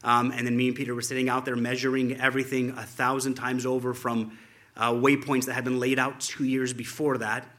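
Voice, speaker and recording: Man, bright tone, loose storytelling, frequent chuckles, informal tribute. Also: mid-range voice, little pitch movement, a little fast. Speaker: church friend presenting a photo slideshow. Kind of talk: informal spoken tribute to friends.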